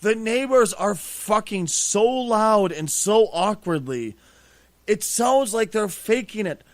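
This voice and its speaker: Animated, profane man telling a story. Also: high-pitched, slow pace, no echo. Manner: profane, animated, acts out quotes. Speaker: podcast host. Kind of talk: casual storytelling.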